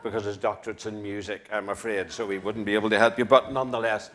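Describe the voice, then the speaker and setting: A man's voice: lowish voice, fairly even intonation, fast, fairly bright tone. A man, speaking for a choir and introducing the evening's host in a large church through a stage microphone, upbeat and full of praise with light asides. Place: large church at a live concert.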